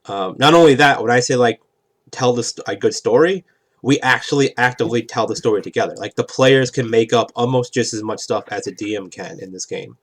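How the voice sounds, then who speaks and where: In a brisk, mid-range voice, a man casually rambles while laying out the rules of a tabletop game, repeatedly asking "right?".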